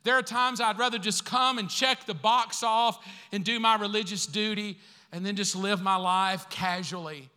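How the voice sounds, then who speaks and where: A man's voice: high voice, steady tone, normal speed, few pauses, pushed and bright, clear, resonant tone. A man preaching a sermon as pastor, conversational and acting out the voices he quotes. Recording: long hall reverb.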